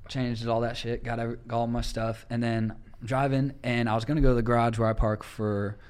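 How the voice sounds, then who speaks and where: A young man hosting a podcast, telling casual stories with lively acted-out quotes and casual swearing. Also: medium pitch, a little fast, smooth. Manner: animated storyteller, acts out quotes, swears casually. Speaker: podcast host. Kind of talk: casual storytelling chat.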